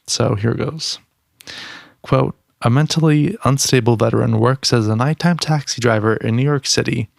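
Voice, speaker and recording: An upbeat man with a strongly gravelly voice co-hosts a podcast, teasing his partner and reading through notes. His voice sits at an ordinary pitch and is recorded dry. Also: no echo. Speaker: podcast co-host. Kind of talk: casual chat.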